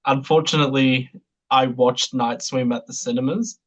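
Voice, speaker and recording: Animated podcast co-host, mid-pitched voice. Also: normal speed, poor audio. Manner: animated storytelling, laughs often, blunt. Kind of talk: casual podcast chat.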